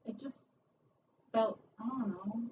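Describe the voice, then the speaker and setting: A woman's voice: fairly high pitch, takes it slowly. Hesitant young woman singing student, distant. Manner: hesitant, brief, unsure answers. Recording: distant, dull camera audio with faint hiss.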